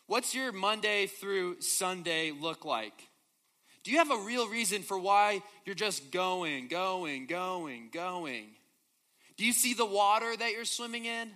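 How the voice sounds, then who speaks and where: A man's voice: high voice, bright, forceful tone. A young man preaching a sermon, telling a story and asking the crowd rhetorical questions.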